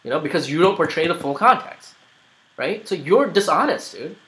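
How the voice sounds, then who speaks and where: Man, response-video commentary, argumentative, rambling, bright tone. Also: on the high side, expressive, normal speed, poor audio. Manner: argumentative, rambling, many "you know"s. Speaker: YouTuber making a response video.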